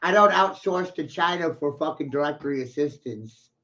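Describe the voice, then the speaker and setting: A man in a rambling, profane, boastful monologue, ranting with bursts of loud laughter, on a dull lo-fi recording. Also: on the high side, moderate pace. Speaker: vlogger.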